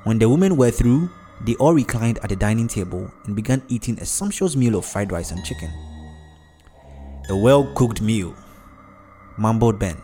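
A man narrating a story in a measured, even delivery. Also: lowish voice, soft background music. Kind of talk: storybook narration with character voices.

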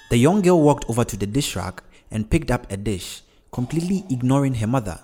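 A man reading a dark story aloud in a dramatic, scripted narration. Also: medium pitch, lively intonation, fairly quick, faint music behind. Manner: dramatic, acts out every character.

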